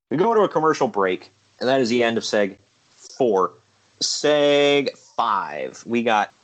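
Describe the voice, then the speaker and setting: A man's voice: fairly low pitch, fairly bright tone. Easygoing man recapping wrestling matches. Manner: easygoing, laughs at his own bits, occasional uh fillers. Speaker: show host recapping a figure wrestling league. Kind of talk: casual play-by-play recap.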